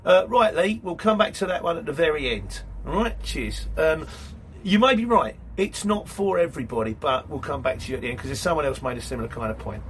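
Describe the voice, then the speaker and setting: A man's voice: fairly high pitch, animated, fairly quick, a little hiss or hum. A man hosting his channel, reading viewer comments aloud and answering them in a rambling, matey way. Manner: chatty, rambling, says mate. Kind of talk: casual live-stream chat.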